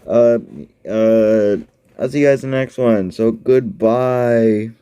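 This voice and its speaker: A man's voice: fairly low pitch, a little slow, mellow, clean tone, no room sound. A man giving offhand, rambling commentary while playing an app game, full of fillers and restarts.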